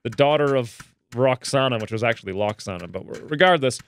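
Excitable man narrating his gameplay. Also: brisk. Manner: chatty, excitable, jumps to high pitch when delighted. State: stuffy nose. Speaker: let's play gamer. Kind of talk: casual gameplay commentary.

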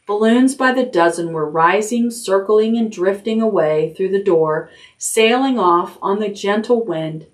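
A woman librarian reading a chapter book aloud at bedtime in a gentle, expressive storytelling way. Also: medium pitch, measured pace. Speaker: children's librarian. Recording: voice a little distant from the mic.

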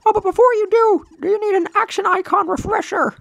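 A woman voicing a small, excitable mushroom retainer who talks in a squeaky, hurried way. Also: gravelly, dry recording. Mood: chirpy.

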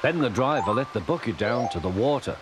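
A man's voice: medium pitch, fairly quick. Liverpool man telling a children's story. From England. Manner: lively storytelling. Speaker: narrator. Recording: old VHS tape audio with music.

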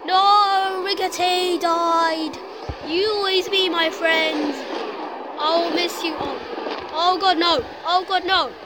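A woman commenting on a physics game she is playing, excitable and teasing, trash-talking the crash dummy on screen. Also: extremely high pitch, slow pace, background noise. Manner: excitable, shouts and trash-talks the game character. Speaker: gameplay commentator. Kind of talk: excited let's-play commentary. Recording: loud game music behind.

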